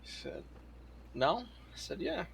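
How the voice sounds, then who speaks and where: A man roleplaying in character, spinning a profane, animated story full of quoted dialogue. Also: sits high, slow, gravelly, a little hiss or hum.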